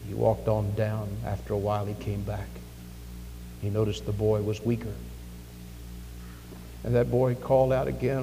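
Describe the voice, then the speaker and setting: A man preaching a sermon in a church, emphatic, with dramatic pauses and big swings in volume. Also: fairly low pitch, level tone, vocal fry, mellow. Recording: echoey hall with faint music.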